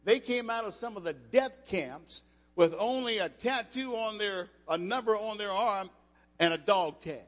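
An older man preaching a sermon, emphatic and rising to loud passages, with frequent restarts. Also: high-pitched, unhurried. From United States. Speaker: preacher, former football player. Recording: echoey hall.

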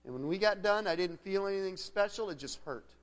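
A man's voice: sits high, animated, brisk. A middle-aged man, a guest pastor, preaching a sermon as a conversational personal story with frequent restarts. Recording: long hall reverb.

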